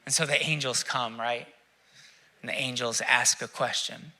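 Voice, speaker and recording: A male pastor preaching a sermon, reflective, asking rhetorical questions with dramatic pauses. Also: medium pitch, fairly even intonation, sharp tone.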